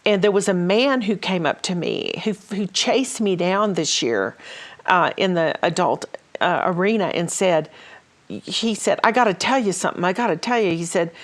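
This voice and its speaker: Female host, low voice, chatty storyteller with frequent fillers. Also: expressive, moderate pace. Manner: storytelling, many fillers and restarts. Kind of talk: casual ministry chat.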